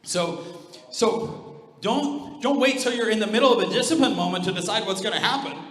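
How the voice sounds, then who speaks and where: A man's voice: high voice, expressive, normal speed, a bit bright, a little hiss or hum. A man pastor preaching a sermon in a church, direct and emphatic with a joking streak. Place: church auditorium. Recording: echoey hall reverb.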